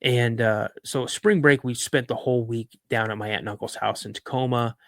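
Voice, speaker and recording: A man's voice: mid-range voice, normal speed, no echo. Man telling a story in a dry room. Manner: animated storyteller, acts out quoted voices, many fillers. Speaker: podcast host, guest. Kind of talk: casual storytelling.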